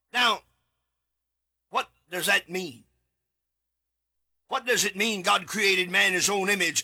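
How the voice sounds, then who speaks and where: A man preaching a sermon alone in a studio, reading scripture and repeating key words with sudden shouted emphasis. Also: high voice, breathy edge.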